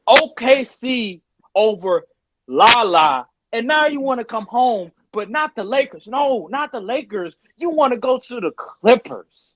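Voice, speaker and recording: A man's voice: very high-pitched, animated, a little slow, a bit bright, muffled recording. A man hosting a podcast, ranting casually and emphatically and repeating his points. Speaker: podcast host. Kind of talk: casual sports rant.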